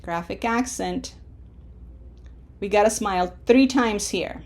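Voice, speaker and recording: A woman teaching a pronunciation lesson, drawing out model words slowly and coaxing the learner with questions. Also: medium pitch, darkish tone. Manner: slow, drawn-out model words between explanations. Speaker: Spanish teacher.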